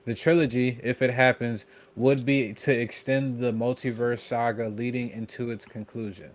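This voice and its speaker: Male podcast co-host, steady matter-of-fact reader, mid-range voice. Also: medium pitch, normal speed. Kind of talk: casual podcast chat, reading out an article and Q&A.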